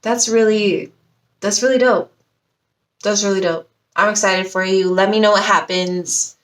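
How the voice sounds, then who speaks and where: A woman's voice: mid-range voice, fairly even intonation, measured pace. Slangy, gushing woman tarot reader. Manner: slangy, profane and gushing, talks straight to viewers. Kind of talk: casual pick-a-card tarot reading.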